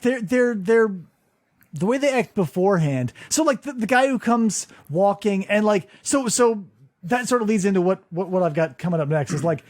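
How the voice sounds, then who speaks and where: A man with a high, lively voice that swoops up and down as he recaps a show for a co-host. He slips into quick voices for the people he quotes and swears casually. The talk is loose and conversational. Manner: animated, acts out quotes in voices, swears freely. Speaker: podcast co-host.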